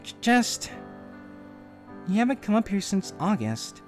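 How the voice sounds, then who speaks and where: A man voicing a worried, gentle young woman who stammers softly, over faint game music. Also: high voice, big pitch swings, measured pace. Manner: hesitant, stammering and soft.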